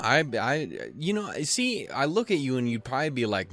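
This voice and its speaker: A man's voice: on the low side, expressive, normal speed, few pauses, a bit bright, faint music behind. A young man hosting a let's play, rambling and swearing with self-mocking jokes and stumbling over the game text he reads aloud. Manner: rambling, profane and self-mocking, with goofy put-on quotes. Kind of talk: casual let's play commentary.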